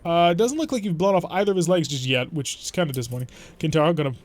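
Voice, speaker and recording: A man's voice: fairly high pitch, very fast. Male wry, chatty gameplay streamer. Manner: chatty, wry, mock-exasperated. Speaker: gaming streamer. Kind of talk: let's play gameplay commentary.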